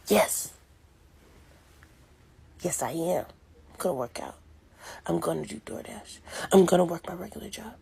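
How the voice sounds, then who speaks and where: A woman's voice: lowish voice, animated, measured pace, gravelly, pauses often, dark tone, breathy edge. A tired woman chatting to her camera in a sleepy, half-whispered voice, talking to herself about her schedule. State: sleepy, yawning. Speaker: vlogger. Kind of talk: casual chat to camera.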